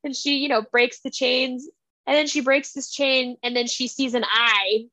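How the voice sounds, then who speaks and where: A woman co-hosting a casual book podcast, retelling scenes in an animated way and quoting characters. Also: high voice, moderate pace, dry recording, lo-fi sound. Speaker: podcast co-host.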